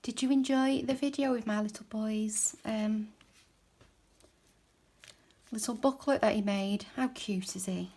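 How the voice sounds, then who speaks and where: A woman chatting casually while she crafts at home, rambling and dropping into soft mutters as she works. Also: fairly high pitch, steady tone, a little slow, pauses often. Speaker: craft journaling creator. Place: home craft desk, indoors.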